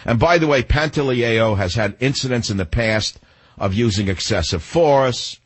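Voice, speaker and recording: Older radio host ranting, husky voice, fired up and combative. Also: male voice, mid-range voice, normal speed. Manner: indignant, emphatic, combative. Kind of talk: talk radio monologue.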